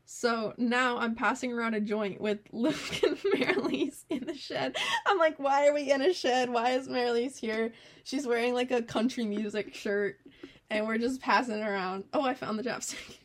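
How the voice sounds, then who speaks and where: A woman's voice: fairly high pitch, normal speed. A young woman co-hosting a podcast, telling a story in casual chat, swearing freely and acting out the people she quotes. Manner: animated storytelling, heavy swearing, quoted voices. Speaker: podcast co-host.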